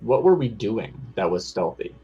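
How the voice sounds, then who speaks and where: A man talking casually at a game table, asking questions and thinking aloud. His voice is husky and somewhat low, and the audio sounds a little muffled and dull. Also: sing-song, normal speed, warm tone, soft background music. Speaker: player.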